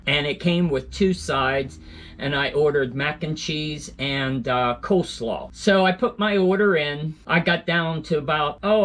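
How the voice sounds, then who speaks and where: A man recounting his trip in a loose, rambling way, circling back with fillers and corrections as he goes. His voice sits a little high for a man. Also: fairly bright tone. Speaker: vlogger. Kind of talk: casual storytelling to camera.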